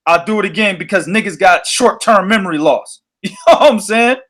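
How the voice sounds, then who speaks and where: A man hosting a boxing podcast, telling stories in an animated, profane way. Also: high-pitched, fairly quick. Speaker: podcast host. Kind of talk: casual boxing podcast chat.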